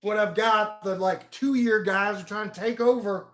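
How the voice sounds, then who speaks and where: High-voiced profane man rambling. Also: fairly even intonation, moderate pace. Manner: profane, rambling, swings to loud rants. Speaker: video blogger. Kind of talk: casual rambling monologue.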